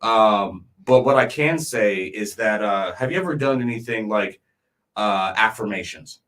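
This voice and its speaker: A man's voice: lowish voice, lively intonation, unhurried, fairly bright tone. A man co-hosting a casual podcast chat, explaining ideas at length with many ums and restarts. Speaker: podcast co-host.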